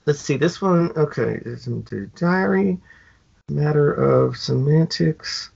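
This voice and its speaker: A man co-hosting a podcast, retelling a story in a casual, animated way with many halting restarts. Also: fairly high pitch, creaky, slightly rough. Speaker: podcast co-host. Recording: dull lo-fi podcast audio.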